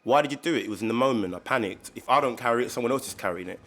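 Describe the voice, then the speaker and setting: A man who works as a personal trainer, guesting on a casual podcast. He talks in a laid-back, slangy way with emphatic asides, at a middle pitch. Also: rapid-fire, fairly bright tone. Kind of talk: casual chat.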